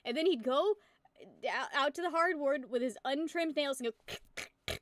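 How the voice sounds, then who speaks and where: Giggly high-voiced woman streamer. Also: measured pace, background noise. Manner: rambling, giggly, swears freely. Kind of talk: casual live-stream chat.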